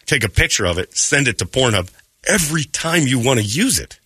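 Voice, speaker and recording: Lively crude-joking male radio host. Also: mid-range voice, fairly quick, breathy edge, no echo, studio quality. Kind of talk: casual comic talk radio.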